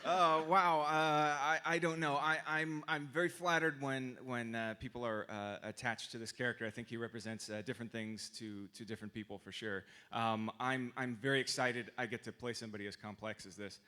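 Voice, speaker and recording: A man's voice: mid-range voice, fairly even intonation, a little fast, hardly any pauses, pushed and bright, smooth. A man, an actor guest on a convention panel, answers fan questions hesitantly with many ums and self-deprecating laughs. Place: convention stage.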